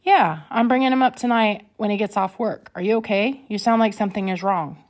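A woman voicing a concerned young man on the phone who gently presses with questions, read in her own voice. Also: medium pitch, brisk, lightly acted.

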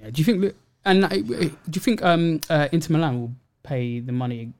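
A man's voice: on the high side, a little mellow. A man chatting casually about football on a podcast panel, slangy and laughing often. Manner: fast, slangy, laughing a lot. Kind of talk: casual chat.

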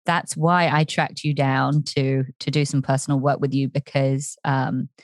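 Low-voiced woman hosting a podcast. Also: level tone, a little slow, dry recording. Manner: effusive, chatty with many fillers. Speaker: podcast host.

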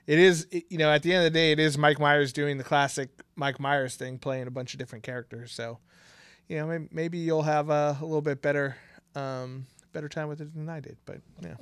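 A man's voice: on the high side, steady tone, brisk, a bit bright, clean tone, dry recording, studio quality. A man co-hosting a casual podcast, rambling with lots of fillers and frequent laughs. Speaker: podcast co-host. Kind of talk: casual chat.

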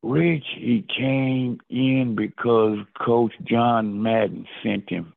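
Gravelly older man telling stories over a phone line. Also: mid-range voice, slow pace. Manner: animated storyteller who keeps addressing the host by name. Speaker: interview guest, former football player. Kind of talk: storytelling in a casual interview.

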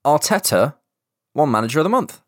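A man's voice: a little high, big pitch swings, a little fast, no room sound, clean studio sound. A young man co-hosting a casual podcast, chatty and rambling, swearing casually. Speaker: podcast co-host. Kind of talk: casual chat.

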